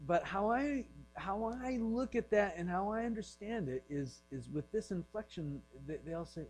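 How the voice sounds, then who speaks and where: A pastor giving a casual, joking sermon, dropping into quiet acted-out voices now and then, over a faint mains hum. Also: male voice, high voice, lively intonation, normal speed, few pauses, low-quality recording. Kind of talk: conversational sermon.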